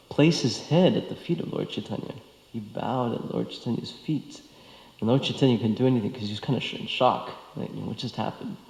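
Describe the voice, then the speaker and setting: A man giving a devotional scripture lecture, speaking haltingly with many fillers and restarts, recorded in a temple hall. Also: mid-range voice, creaky, darkish tone.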